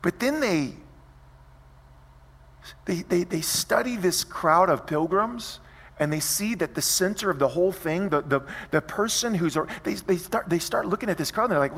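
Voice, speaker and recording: A man preaching a sermon, telling a story with lively, vivid scene-setting. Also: high voice, normal speed, long reverb tail. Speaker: pastor.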